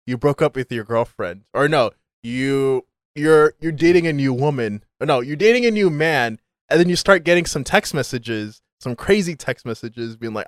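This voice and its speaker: Young male co-host, mid pitch, joking chat, dead-dry studio sound. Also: expressive, normal speed, few pauses, dry recording. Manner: joking, laughs often, slangy. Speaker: podcast co-host. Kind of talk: casual chat.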